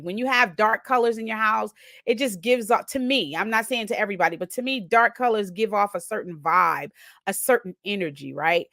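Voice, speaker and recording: Animated woman telling a personal story. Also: medium pitch, no echo, studio quality. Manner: animated, repeats "right?" to the listener. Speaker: podcast host. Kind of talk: personal storytelling with a life lesson.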